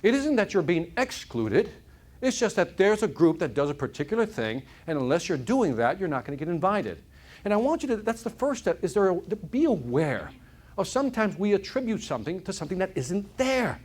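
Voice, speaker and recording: Animated male motivational speaker. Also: high voice, brisk. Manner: animated storyteller, asks the audience questions. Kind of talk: keynote speech to a live audience. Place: corporate event hall.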